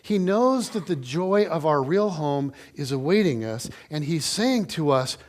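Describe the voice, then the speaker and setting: A man preaching to his church with a notably high voice. He tells the story in a chatty, animated way, drawing the congregation in with direct questions. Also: unhurried, hardly any pauses. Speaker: pastor. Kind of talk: sermon.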